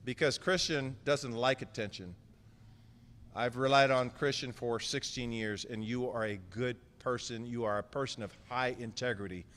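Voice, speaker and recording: An outgoing mayor gives a farewell speech at an indoor press conference, joking, affectionate and a little emotional as he thanks people by name. His voice is mid-range and a bit bright, echoing through a hall with crowd murmur.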